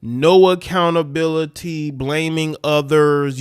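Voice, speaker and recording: A man's voice: fairly high pitch, lively intonation, normal speed, a bit bright. A man hosting a live stream, talking in loose, repetitive slang. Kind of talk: casual commentary.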